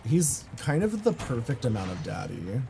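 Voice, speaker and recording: A man's voice: mid-range voice, very animated, moderate pace, creaky. A man hosting a casual live stream, joking with a friend and reacting to chat as he goes. His voice leaps all over its range, and he breaks into laughter often. A faint background hum sits under him. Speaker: streamer host. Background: people making noise nearby.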